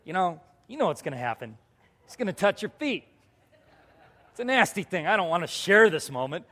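High-voiced man preaching in a reverberant hall. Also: a little fast. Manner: animated storyteller, swinging between loud bursts and hushed asides. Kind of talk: sermon testimony to a congregation.

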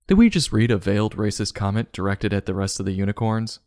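A man roasting a children's book in a sarcastic, mocking way. His voice is low and his delivery is very lively and animated. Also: quick pace, few pauses, dry recording, clean studio sound. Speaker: book reviewer. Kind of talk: comedic book review.

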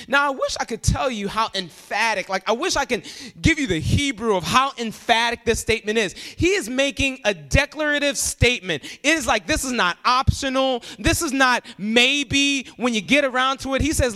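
A man preaching a sermon, emphatic and animated, often jumping up in pitch for emphasis. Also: normal speed. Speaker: pastor.

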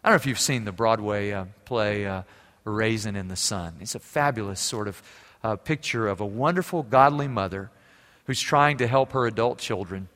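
A middle-aged man preaching a sermon as pastor, telling stories with lively humor and ending in prayer. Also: lowish voice, normal speed, in a large hall. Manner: storytelling, lively, warm humor.

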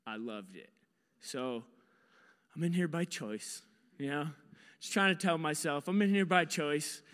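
A man preaching to a congregation, telling a personal story with lively, acted-out shouts and quiet asides. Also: a little high, clean tone, big-room sound. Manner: animated storyteller, acts out his own panicked shouts. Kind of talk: storytelling sermon.

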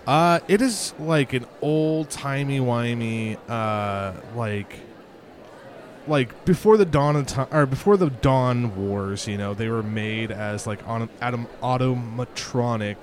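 A man's voice: medium pitch, slow pace. A man playing a tabletop game who explains his character in a rambling way, full of fillers. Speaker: player. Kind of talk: casual tabletop game chat.

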